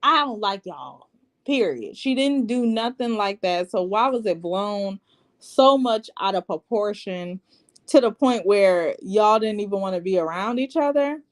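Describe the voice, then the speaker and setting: A woman's voice: medium pitch, a little slow. A woman recapping a reality TV episode in casual, sassy commentary, acting out quotes as she goes. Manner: sassy and animated, quoting people in put-on voices.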